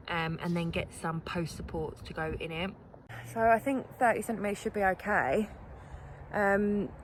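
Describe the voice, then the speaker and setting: A young woman chatting casually to camera while working on her allotment plot, self-deprecating and full of ums. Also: medium pitch. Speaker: allotment vlogger. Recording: outdoor camera audio with noise.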